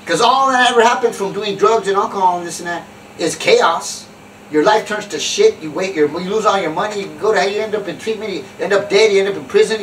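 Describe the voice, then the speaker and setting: A man's voice: sits high, a bit bright, reverberant, recorded from a distance, slight background noise, poor audio. A man telling a funny story and preaching, acting out other people in squealing voices and laughing at his own jokes. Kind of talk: comic storytelling monologue.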